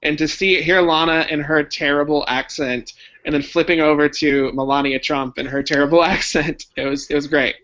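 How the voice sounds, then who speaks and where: A man who guests on a podcast as a comedian and radio host, making wry, deadpan quips in casual chat. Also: a little high, normal speed. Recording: dull lo-fi podcast audio.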